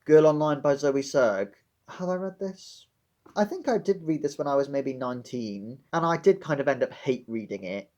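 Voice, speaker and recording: A man's voice: mid-range voice, expressive, moderate pace, few pauses, darkish tone, lo-fi sound. A young man vlogging about books in a dramatic, sardonic way. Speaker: book vlogger. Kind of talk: casual book vlog.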